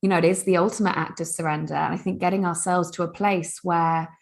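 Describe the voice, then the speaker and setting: A woman's voice: fairly low pitch, steady tone, quick pace, gravelly. A woman in an earnest, reflective podcast conversation, musing aloud and often saying "you know, like".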